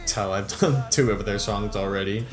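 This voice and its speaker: A man's voice: fairly low pitch, normal speed, music in the background. A young man casually commenting on his old videos, chatty and upbeat, laughing often and trailing off. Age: young adult. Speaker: YouTube creator reviewing his own videos.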